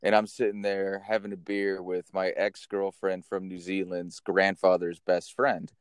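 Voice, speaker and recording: A man hosting a podcast, telling stories in a casual, animated way and swearing now and then. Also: low-pitched, a little slow, smooth, no echo, clean studio sound. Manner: animated, chatty storyteller who swears casually. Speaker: podcast host. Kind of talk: casual storytelling.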